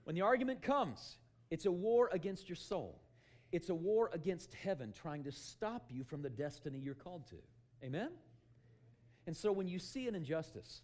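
A man preaching a sermon in an animated way, acting out little scenes, calling for amens and sometimes shouting. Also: fairly high pitch, brisk. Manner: animated, shouts for emphasis and acts out quotes; calls for amen often.

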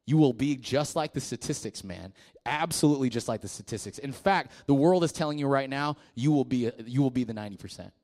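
A man, a youth pastor and guest speaker, giving an energetic call-and-response sermon, joking and shouting key words. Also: medium pitch, fairly quick.

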